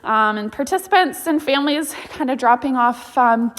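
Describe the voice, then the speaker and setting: A woman's voice: sits high, animated, normal speed, long reverb tail. A woman who manages a riding program, chatting casually and easily to viewers while she films, with plenty of ums and small laughs. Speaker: program manager filming a live stream. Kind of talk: casual live-stream chat. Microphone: camera held by the speaker.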